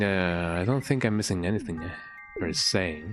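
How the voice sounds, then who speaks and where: A man's voice: sits low, moderate pace, a bit bright. A man streaming a game with casual, playful commentary. He repeats words in a goofy sing-song and often ends sentences with "eh?". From Mexico. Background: game music.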